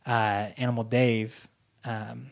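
A man telling a long story in casual chat, rambling and animated, with many fillers. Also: mid-range voice, slow pace, vocal fry. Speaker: guest, film associate producer.

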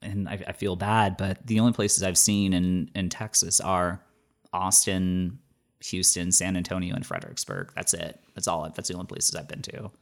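A man's voice: low voice, expressive, normal speed, creaky. A man in his thirties chatting casually, rambling with many fillers and restarts. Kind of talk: casual chat.

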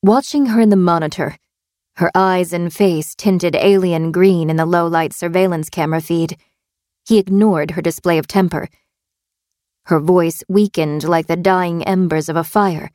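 A woman reads a suspense audiobook in a steady, tense narrating voice. Her voice sits on the low side. The sound is close and dry, with no room around it. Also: moderate pace, dry recording.

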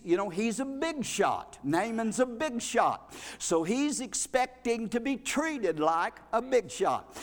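A male pastor, preaching a folksy, animated sermon in a church, with frequent restarts. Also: high voice. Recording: long reverb of a hall.

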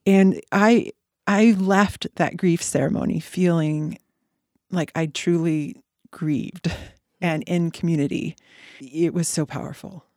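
A woman guest on a podcast, talking earnestly in a reflective conversation with halting restarts. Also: fairly low pitch, steady tone, darkish tone, no room sound, clean studio sound. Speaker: podcast guest, eating disorder clinic co-founder.

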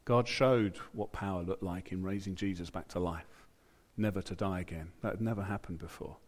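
A man's voice: sits low, fairly even intonation, moderate pace. A British man preaching a sermon in church, in a conversational way, with asides and quotes he acts out. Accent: British English.

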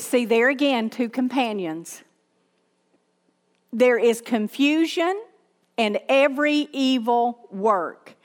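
A woman's voice: fairly high pitch, expressive, slow pace, pauses often, long reverb tail. A woman pastor with a Southern accent, preaching a sermon with emphatic repetition and questions to the congregation.

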